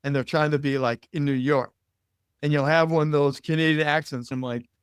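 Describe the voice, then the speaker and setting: A man with a flat Indiana American accent, speaking a little high for a man, chatting as an interview guest. He is expressive and animated and laughs easily. The recording is close and dry, with no room sound. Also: a little fast, smooth, no echo. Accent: American Midwestern, Indiana. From United States. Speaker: guest, media coach and broadcaster. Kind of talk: casual interview talk.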